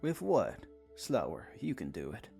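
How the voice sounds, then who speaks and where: A man voicing a laid-back young male vampire cowboy with a strong Southern accent, steady and calming. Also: on the low side, measured pace, faint music behind, voice pushed up, heavily acted.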